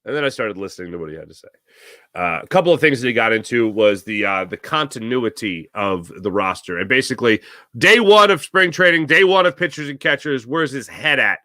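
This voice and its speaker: An American man hosting a sports talk show, speaking in a conversational, animated way with frequent restarts. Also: medium pitch, fairly quick, dry recording, clean studio sound. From United States. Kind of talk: solo sports talk commentary.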